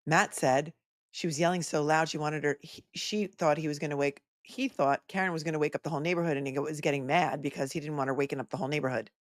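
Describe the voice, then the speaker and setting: A sarcastic woman attorney talks over courtroom clips in a low, dry voice. She comments live and pointedly, with a close, dead-sounding mic. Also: quick pace, no echo. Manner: sarcastic, animated asides. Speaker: attorney commentator hosting a livestream.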